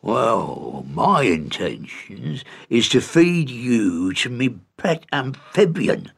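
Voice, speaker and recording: A man voicing a huge, suspicious innkeeper who booms and roars in a storybook reading. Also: big pitch swings, takes it slowly, creaky, slightly rough, full character voice. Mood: gruff. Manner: booming, roaring. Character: enormous angry innkeeper man, booming and suspicious.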